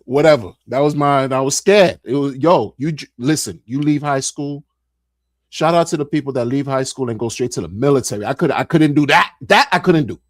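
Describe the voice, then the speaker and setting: A middle-aged man, a streamer, telling a casual story in an animated way, repeating phrases and acting out what people said. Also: medium pitch, a little fast, dry recording, clean studio sound.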